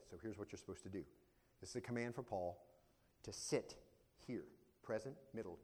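Preaching man who keeps asking "see?". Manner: expository preaching, explains Greek words, frequent "see?"; swings from loud emphatic passages to low quiet asides. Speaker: pastor. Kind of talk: sermon.

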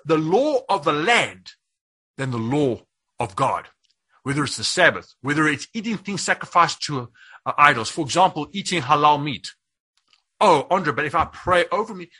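A man giving a testimony as a guest speaker at a Bible study, telling a story with frequent restarts and rising to shouts at its peaks. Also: on the high side, husky. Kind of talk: testimony sermon.

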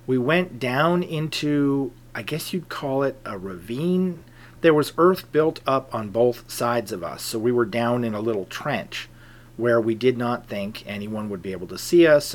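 A middle-aged man calmly telling a personal story in a measured, conversational way, dropping into soft asides. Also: mid-range voice. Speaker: pagan group leader telling a personal story. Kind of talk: casual spoken anecdote.

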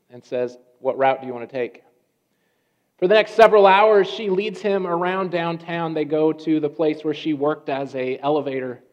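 A man preaching a sermon, telling a story in a conversational way with restarts and pauses. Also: on the high side. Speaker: pastor. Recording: dull lo-fi sound.

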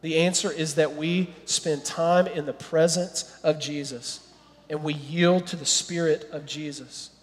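A man with a high voice preaches to his church with animated, earnest energy. His words ring out with a long reverb from the hall. At times he drops to a soft, quiet prayer. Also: measured pace. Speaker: pastor. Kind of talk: sermon.

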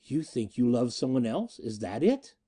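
A man's voice: mid-range voice, big pitch swings, normal speed, warm tone, slightly rough. Moa, a man reading as a fierce scornful Martian woman. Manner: stern, scornful, intense. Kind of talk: audiobook reading.

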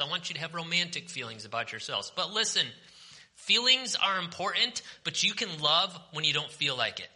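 A man in the pulpit delivers his sermon in a vivid, sharply bright voice. He swings between raised, forceful declarations and soft, intimate near-whispers, pressing his points with conviction. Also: fairly high pitch, very animated, normal speed. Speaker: pastor.

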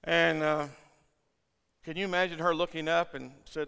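An older man preaching in a church, his high, bright, smooth voice trailing off into a long hall reverb. He speaks with passion, stumbles into quick restarts and keeps asking the room questions. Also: flat delivery. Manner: impassioned, stammering restarts and rhetorical questions to the congregation. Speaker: pastor. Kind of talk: sermon. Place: church sanctuary.

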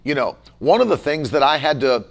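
Forceful, gravelly-voiced male pastor. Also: on the high side, brisk. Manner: forceful, animated, emphatic. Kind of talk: casual Bible-study chat.

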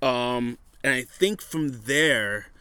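A man telling a bar story in casual chat, profane and animated, acting out what people said. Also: medium pitch, slow pace, clean tone, no echo.

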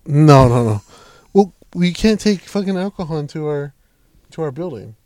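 A man's voice: a little high, expressive, normal speed, darkish tone, no echo. A man telling a work story in casual chat, swearing a lot and acting out his coworkers' lines.

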